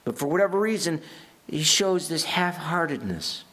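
A man's voice: on the high side, animated, moderate pace, fairly bright tone. A pastor giving a conversational sermon in an earnest way, often restarting his phrases.

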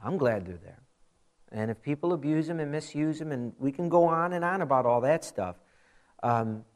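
A man in his forties, a pastor, giving a conversational sermon with animated storytelling and frequent asides. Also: on the high side, normal speed.

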